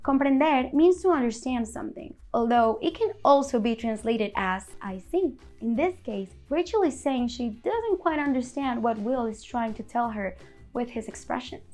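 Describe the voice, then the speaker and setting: A woman narrating a scripted language lesson in a clear, upbeat, explanatory way. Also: fairly high pitch, lively intonation, normal speed, darkish tone, faint music behind. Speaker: language teacher.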